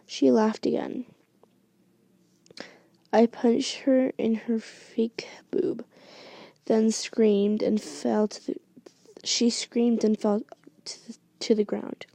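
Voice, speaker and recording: Hushed, gravelly young woman, whispered story reading. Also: on the high side, little pitch movement, dry recording. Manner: hushed, halting, with restarts. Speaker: story reader.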